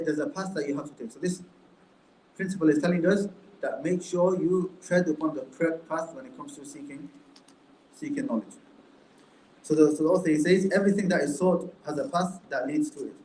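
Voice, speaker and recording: An Islamic studies teacher gives a conversational lecture on a book in an indoor classroom, throwing many rhetorical questions at his students. His voice is on the high side with a darkish tone, carrying a little hiss or hum. There's a roomy echo and faint room ambience.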